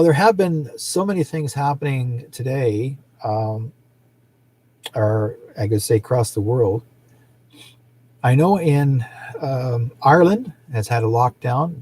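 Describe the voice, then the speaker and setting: A middle-aged man rambles on casually as the host of a psychic livestream, his voice husky and dark. He drifts from story to story and laughs often. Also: mid-range voice. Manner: rambling, chatty, laughs often, acts out quoted people.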